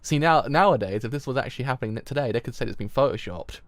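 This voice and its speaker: Young guy streaming a reaction, gravelly voice, cussing and tripping on words, dry close mic. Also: medium pitch, fast talker, no echo. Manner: excitable, swears freely, stumbles over words. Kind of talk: live reaction commentary.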